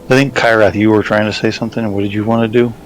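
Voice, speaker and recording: A man's voice: fairly low pitch, level tone, fast, a little hiss or hum, rough recording. A man narrating as game master of a tabletop game, describing scenes casually with frequent restarts.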